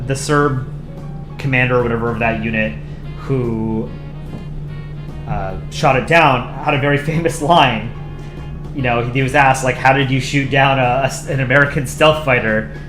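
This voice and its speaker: A man's voice: mid-range voice, roomy sound. A man hosting a livestream, chatting in a rambling way with lots of fillers and little laughs. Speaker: livestream host. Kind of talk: casual livestream commentary.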